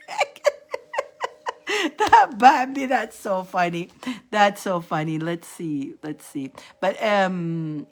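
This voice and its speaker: A woman hosting a casual live-stream spiritual reading. She is chatty and animated, repeats herself and laughs often. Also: lowish voice, slow pace. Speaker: host giving psychic readings.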